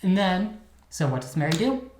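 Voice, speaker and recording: A woman's voice: lowish voice, sing-song, moderate pace, a little mellow, roomy sound. A woman co-hosting a podcast, telling a true crime story in a chatty, sassy way with lots of fillers. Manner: chatty, filler-heavy, dramatic retelling with sass. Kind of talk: casual storytelling chat.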